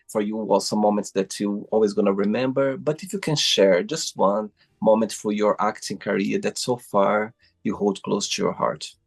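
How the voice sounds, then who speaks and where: A man's voice: on the low side, creaky. A man hosting an interview over a video call, gushing with praise and repeating "I love it" and "wow". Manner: effusive, keeps saying "I love it" and "wow". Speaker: host. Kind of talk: interview host asking questions.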